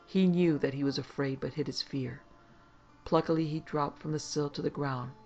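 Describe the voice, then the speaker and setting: A man reads a horror story aloud with dramatic, expressive delivery. His voice is gravelly and sits slightly high. The recording sounds dull and lo-fi. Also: normal speed, soft background music. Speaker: narrator.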